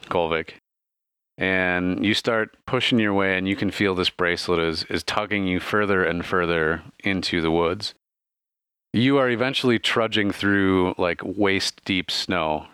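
A man narrating as game master of a tabletop game, relaxed and casual, with frequent fillers. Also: deep voice, clear, resonant tone, no room sound, clean studio sound.

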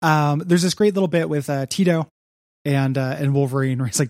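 Young male podcast co-host, gravelly, dry close sound, rambling casual chat. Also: fairly high pitch, fairly even intonation, fairly quick, darkish tone, dry recording. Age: young adult. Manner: rambling, heavy on fillers. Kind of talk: casual comics discussion.

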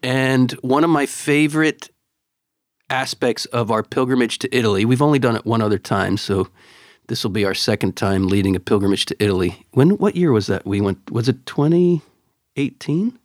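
Animated man telling stories on a podcast. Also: mid-range voice, moderate pace, no echo, clean studio sound. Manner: animated storyteller, repeats words when excited. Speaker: podcast co-host. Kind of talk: casual chat and storytelling.

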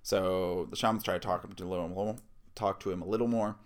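A man's voice: sits low, fairly even intonation, fast talker. A man telling a personal story casually, candid and wry, with frequent swearing and chuckles.

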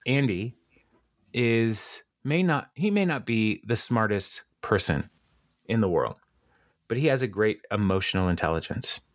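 A man's voice: fairly low pitch, expressive, a little slow, no echo, studio quality. A man co-hosting a podcast, casually recapping a TV episode with many ums and frequent laughs. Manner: rambling, many ums and uhs, laughs often. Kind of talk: casual chat.

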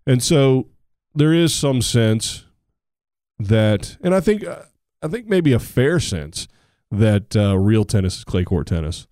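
A man coaching a tennis team, talking casually as a podcast co-host, rambling with restarts and getting animated when excited. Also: lowish voice, takes it slowly, dry recording, clean studio sound. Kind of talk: casual chat.

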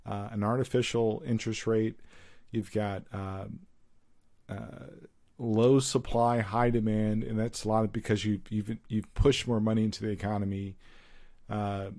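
A man's voice: lowish voice, flat delivery, unhurried, darkish tone. A man co-hosting a podcast, chatting casually and giving opinions, thinking aloud with lots of fillers. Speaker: podcast co-host. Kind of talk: casual chat.

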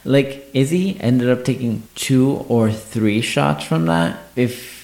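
A man co-hosting a casual podcast chat, easygoing and quick to agree. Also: mid-range voice, creaky, darkish tone, roomy sound. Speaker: podcast co-host.

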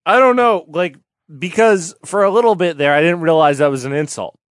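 A man riffs in loose, silly podcast banter. His voice sits a bit high, and the sound is dry and close. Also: a little fast, no room sound. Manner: silly, riffing. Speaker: podcast co-host. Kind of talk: casual comedic banter.

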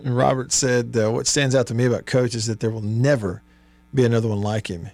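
A man's voice: mid-range voice, steady tone, fairly quick, darkish tone, no echo. Man hosting radio sports talk. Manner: reads listener texts aloud, chuckling often. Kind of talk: casual call-in radio chat. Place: radio studio. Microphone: studio microphone.

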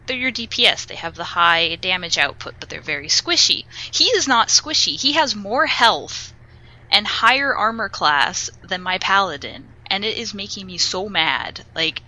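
A young woman co-hosting a casual podcast, telling an animated, swear-filled story about her tabletop group. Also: mid-range voice, measured pace, muffled recording. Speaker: podcast co-host.

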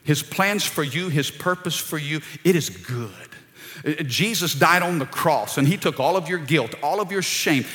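Animated male pastor preaching in a hall. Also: on the high side, moderate pace. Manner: energetic, calls out to the congregation. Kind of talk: sermon. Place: church sanctuary. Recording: long reverb of a large hall.

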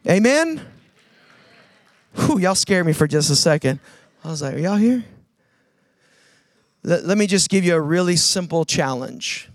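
A man preaching a sermon, calling on the audience to answer and swinging between loud urging and hushed emphasis. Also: fairly high pitch, expressive, moderate pace, long pauses, no room sound, studio quality. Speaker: pastor.

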